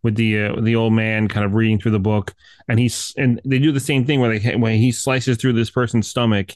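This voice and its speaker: A man's voice: on the low side, level tone, brisk, no room sound. A man chatting casually about a horror film, rambling with lots of fillers and swearing. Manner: rambling, many fillers, profane. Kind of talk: casual movie review chat.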